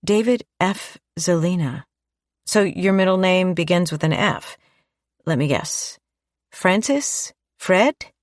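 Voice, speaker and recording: A woman's voice: on the low side, animated, slow, no room sound, studio quality. A woman narrator voicing a shy, playful single mother in an audiobook, light and bashful. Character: warm, shy single mother, a little self-conscious. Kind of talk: audiobook dialogue.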